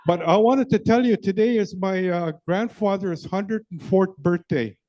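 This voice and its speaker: A man doing a chatty, flirty joker, rambling and teasing the crowd with a lot of "eh". His voice sits high yet sounds dark and mellow. It comes through a dull, muffled live-event recording in a big hall. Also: normal speed, close to an everyday voice. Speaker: stand-up comedy character entertaining a crowd. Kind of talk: live crowd-work comedy. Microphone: handheld mic.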